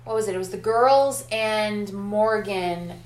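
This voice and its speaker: A woman co-hosting a casual chat about a film, chiming in with quick remarks. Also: medium pitch, echoey room, rough recording. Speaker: podcast co-host.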